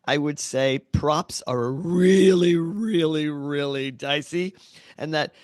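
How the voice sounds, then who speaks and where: Man, middle-aged, podcast co-host, casual chat, animated, fairly high voice, dry close sound. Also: slow, no echo. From United States. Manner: animated, swears, acts out quotes.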